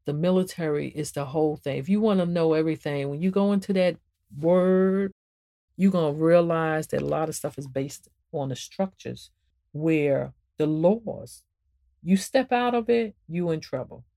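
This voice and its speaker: A woman hosts a spiritual talk in a sermon-like manner and speaks straight to her listeners. Her voice sits low and sounds warm and mellow. She keeps swinging her pitch for emphasis and repeats her phrases. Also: normal speed. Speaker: podcast host and author.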